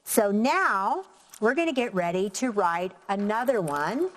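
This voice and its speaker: A woman teacher giving a slow, clear lesson to young children, counting out syllables. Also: medium pitch, lively intonation, big-room sound. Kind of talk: elementary classroom lesson.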